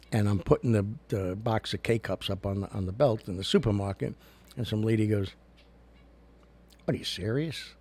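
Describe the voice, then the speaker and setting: A man with a low, gravelly, somewhat mellow voice and a breathy edge hosts a casual livestream through a studio recorder mic. He chats to his viewers in a rambling manner and rants at times.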